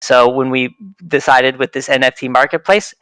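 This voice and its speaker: Enthusiastic man presenting, clean bright voice, dry and close. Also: medium pitch, level tone, normal speed, clear, resonant tone, no room sound, poor audio. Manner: enthusiastic, leans on "right?". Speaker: project team member presenting the product. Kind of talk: casual pitch in an online AMA.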